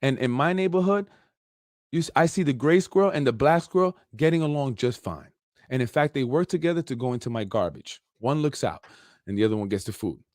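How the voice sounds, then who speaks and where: A man's voice: medium pitch, lively intonation, fairly quick, a little mellow, dry recording, studio quality. A man hosting a political talk show, ranting loosely with sarcastic asides and a lot of "you know". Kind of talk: unscripted political rant. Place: Yonkers, New York.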